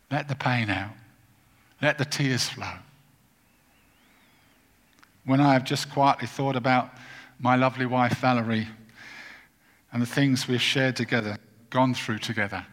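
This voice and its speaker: A man preaching a sermon as a pastor, earnest and deliberate, leaning on repetition for emphasis. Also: mid-range voice, fairly bright tone. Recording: long reverb of a large hall.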